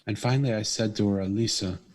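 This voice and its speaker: Husky lowish-voiced guy, podcast guest telling a story, earnest and animated. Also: moderate pace. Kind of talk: conversational storytelling.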